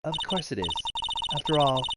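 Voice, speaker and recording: A woman voicing a composed, earnest woman exhibit manager in a calm, measured, polite way. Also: low voice. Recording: loud video game music behind.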